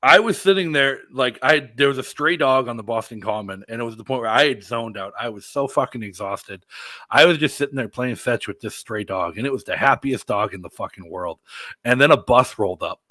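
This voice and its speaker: An American man telling a loose, profane story as a veteran guest on a podcast. His voice is bright and forceful, and he jumps from loud, excited bursts to low mutters. The sound is dry and close to the mic. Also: no echo. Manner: profane, animated storyteller with big swings in loudness. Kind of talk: casual podcast conversation.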